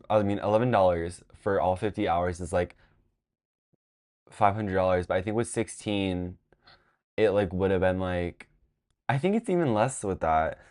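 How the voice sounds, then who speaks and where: A tired young man with a low voice hosts a casual vlog, chatty and dramatic. He swings from drained sighs to excited squeals.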